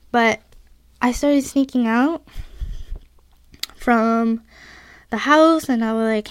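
A woman's voice: fairly high pitch, clean tone, no room sound. A young woman hosting a podcast, telling a personal story in a confessional, giggly way, with lots of "like". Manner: confessional, giggly, says "like" often. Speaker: podcast host.

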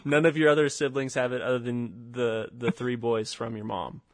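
A man's voice: mid-range voice, fairly even intonation, normal speed, dry recording. A young man hosting a casual podcast chat with old friends, rambling with plenty of fillers and restarts. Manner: rambling, lots of fillers and laughs. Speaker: podcast host.

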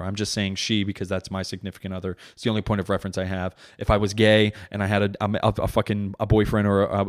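A young man hosting his own podcast, riffing through a comic monologue. His voice sits fairly low, and he swears freely and bursts into loud, animated bits. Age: young adult. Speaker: podcast host. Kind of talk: comedic monologue.

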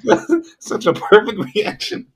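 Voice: medium pitch, very animated, slow pace. Laughing podcast co-host. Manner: laughing, amused reactions. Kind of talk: casual chat, reacting.

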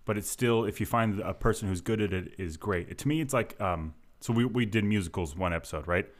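A man's voice: on the low side, fairly quick. A man chatting casually as a podcast co-host, laid-back and joking, swearing now and then. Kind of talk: casual chat.

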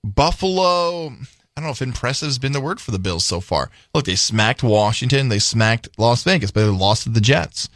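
On a sports radio show, a male co-host breaks down upcoming games in playful, jokey, casual conversation. His mid-range voice is animated and fairly bright at normal speed, captured with a studio microphone at studio quality and no room sound.

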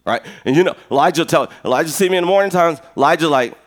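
A middle-aged man preaching a sermon as pastor, an animated, joking storyteller who acts out conversations. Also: fairly high pitch, quick pace.

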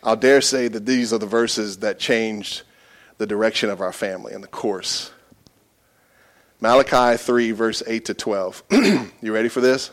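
A middle-aged male pastor preaching a sermon in a church, with call-and-response lines that build to loud, emphatic peaks. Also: fairly low pitch, fairly even intonation, a little slow.

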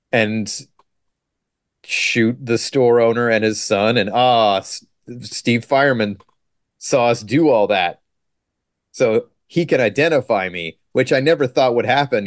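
Sarcastic low-voiced man recapping a movie. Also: no room sound, clean studio sound. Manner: joking, sarcastic, quotes scenes in quick put-on lines. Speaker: podcast co-host. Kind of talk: casual movie recap chat.

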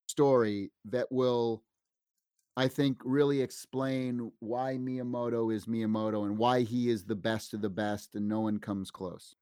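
A man in his fifties tells animated stories as an interview guest, acting out what other people said. His voice sits at an ordinary middle pitch. It is recorded close and dry, with no room sound. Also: no echo. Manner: animated anecdotes, acts out quoted dialogue. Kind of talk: casual interview storytelling.

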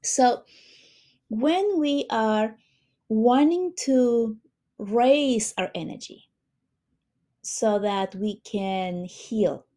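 A woman hosting a spiritual healing talk, speaking gently and addressing her listeners warmly. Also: a little high. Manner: slow, soothing, warm-hearted, addresses listeners as beautiful souls.

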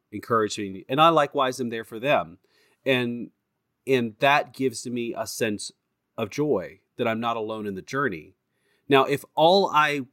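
Man, reflective podcast co-host, halting speech, dry studio sound. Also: mid-range voice, fairly bright tone, dry recording. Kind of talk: faith discussion podcast.

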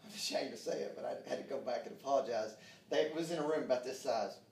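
A man preaching a sermon, fervent, calling out amen and dropping to hushed tones. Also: mid-range voice, fast talker, gravelly, a little hiss or hum. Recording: echoey room, mic far off.

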